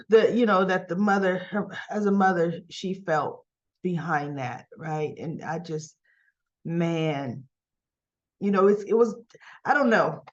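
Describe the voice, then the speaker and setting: A woman recaps a soap episode in a rambling, emotional way, slipping into the characters' lines as she tells it. Her voice sits at a middling pitch. The recording sounds dull and lo-fi. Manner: emotional, rambling storytelling that acts out the dialogue. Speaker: soap opera reviewer.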